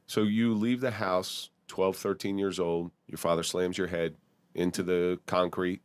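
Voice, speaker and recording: A man from the Atlantic City area hosts a podcast in a deep, low voice. He asks direct, probing questions and mixes in stories from his own life. The sound is dry and close to the mic. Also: little pitch movement, unhurried, smooth, dry recording. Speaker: podcast host. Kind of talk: interview questions, casual talk.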